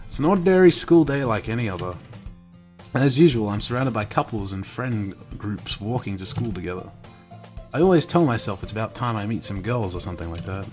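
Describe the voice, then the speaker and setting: A young adult man, a streamer reading a visual novel aloud live, narrating plainly with wry, deadpan asides. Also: lowish voice, brisk, faint music behind.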